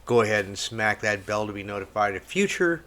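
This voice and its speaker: A man's voice: lowish voice, lively intonation, a little fast, a bit bright, slight background noise. A man hosting a podcast interview, giving upbeat announcer-style introductions over a video call. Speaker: podcast host. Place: home studio, video call.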